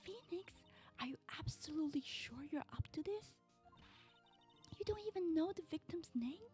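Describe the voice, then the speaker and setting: A woman voicing a worried female mentor lawyer, speaking in a hushed, urgent whisper. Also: very high voice, lively intonation, normal speed, faint music behind, voice pushed up.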